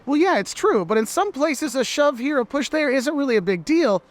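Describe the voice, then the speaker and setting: Guy vlogging tips from england, high-pitched voice, chatty and emphatic. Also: animated, normal speed, no echo. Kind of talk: casual advice vlog.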